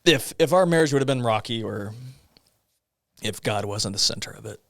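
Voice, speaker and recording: A middle-aged man, a police officer guest, recounting a personal story in a halting way, with many pauses, fillers and rueful laughs. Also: fairly low pitch, animated, creaky, fairly bright tone, dry recording. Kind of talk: conversational storytelling in a podcast interview.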